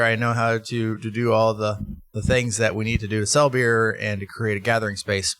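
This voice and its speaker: A man who owns a brewery, talking in a casual interview and telling animated stories with lots of restarts. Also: on the low side, moderate pace, smooth, dry recording, clean studio sound. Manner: animated storytelling with laughs and restarts. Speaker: brewery owner, guest.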